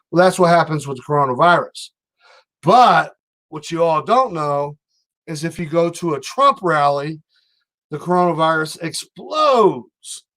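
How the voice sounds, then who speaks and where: A man's voice: on the high side, fairly bright tone. A middle-aged man hosting an online stream, rambling through a heated, sarcastic political rant. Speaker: online livestream host.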